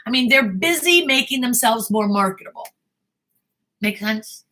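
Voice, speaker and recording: An American woman talks straight to aspiring actors in a live question-and-answer session, blunt and emphatic. Her voice sits a little high and rings bright and forceful. She drives her points home with repetition and plain words. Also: moderate pace. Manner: blunt, emphatic, animated advice-giving. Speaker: talent manager and acting coach.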